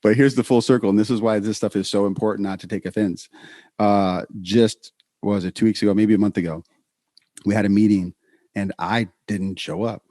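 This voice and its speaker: Lowish-voiced man telling stories on a podcast. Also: no echo, studio quality. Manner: storytelling, animated, quick restarts. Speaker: podcast co-host. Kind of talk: casual podcast chat.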